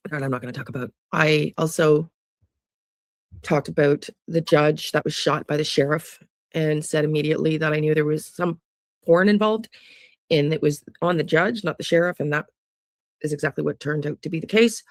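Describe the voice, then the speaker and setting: American psychic true crime host, rambly, keeps restarting, gravelly voice, dry close sound. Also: mid-range voice, no echo. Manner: rambling, frequent restarts and trailing asides. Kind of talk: casual monologue to viewers.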